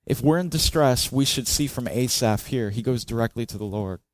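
A man's voice: mid-range voice, moderate pace, dry recording. A male pastor preaching a sermon in a conversational way, asking the congregation questions and acting out cries in a raised voice. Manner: expressive, acts out the psalmist's cries with raised voice.

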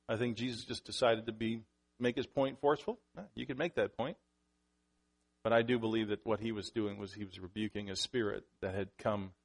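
A man preaching to his congregation in an easy, conversational way, at a middle pitch for a man. He stops and restarts sentences and turns to the congregation with asides. On the points he wants to land, he gets louder and his voice climbs. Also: vocal fry. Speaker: pastor. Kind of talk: sermon.

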